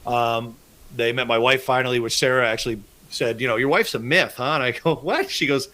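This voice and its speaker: A man's voice: mid-range voice, brisk, sharp tone. A man hosting a casual fishing podcast, telling rambling, profane stories about his trips. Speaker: podcast host.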